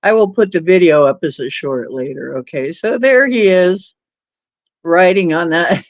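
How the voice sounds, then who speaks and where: A woman's voice: lowish voice, animated, measured pace, no room sound. A woman hosting a livestream, rambling and laughing as she tells stories with lots of fillers. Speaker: livestream host. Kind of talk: casual storytelling chat. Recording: dull lo-fi dry sound.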